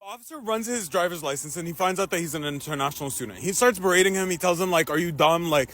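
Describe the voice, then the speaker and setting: A young man with a fairly high voice tells a long personal story in a loose, casual way. He is animated, swears freely and laughs along as he goes. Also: fast.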